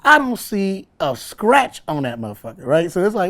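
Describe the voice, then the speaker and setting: A man, a comedian telling a story in an interview, animated and laughing often as he acts out voices. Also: high voice, normal speed. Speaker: comedian guest.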